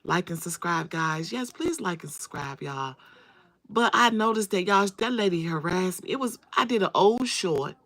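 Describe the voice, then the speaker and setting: A woman's voice: lowish voice, lively intonation, moderate pace, fairly bright tone. A woman hosting a casual livestream, talking straight to her viewers, greeting them by name and repeating phrases for emphasis. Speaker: livestream host. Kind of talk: casual live-stream chat.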